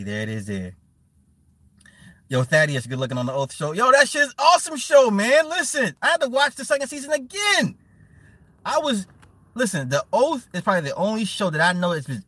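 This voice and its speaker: A man hosting a casual livestream, reading chat aloud and riffing with loud laughs, mockery and swearing. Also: high voice, no echo. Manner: animated, laughing, mocking, swearing.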